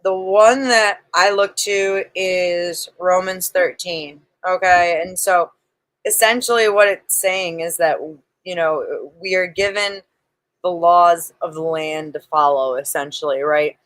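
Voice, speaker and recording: A woman's voice: lowish voice, slow pace, fairly bright tone, no room sound, low-quality recording. A woman on a livestream panel, arguing religion firmly, quoting scripture and swearing now and then. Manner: firm, quotes scripture, swears. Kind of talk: casual religious debate on a livestream.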